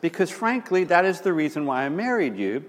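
A man's voice: a little high, big pitch swings, a little fast, long reverb tail. A man voicing an irritated, defensive husband in an illustration, sarcastic and mock-groveling.

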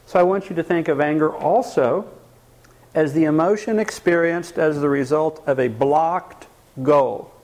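Slight background noise accompanies this man's fairly high, unhurried voice as he teaches an anger workshop live. He poses questions to the audience and acts out what others say, keeping things lively.

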